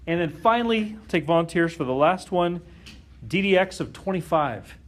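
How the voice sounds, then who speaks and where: A man's voice: sits high, animated, normal speed, fairly bright tone. A man teaching a calculus lesson to a class, often stopping to question the students and check that they follow. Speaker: math teacher.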